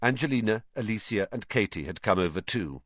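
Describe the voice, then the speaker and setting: Man reading a novel aloud, lively and expressive, muffled sound. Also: fairly low pitch, brisk, dry recording. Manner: expressive storytelling. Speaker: narrator. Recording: dull lo-fi dry recording.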